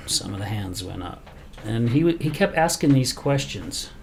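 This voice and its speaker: A man hosting a podcast in casual chat, telling a story with animated energy and acting out the quoted lines. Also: fairly low pitch, fairly quick, vocal fry, a little hiss or hum. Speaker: podcast host.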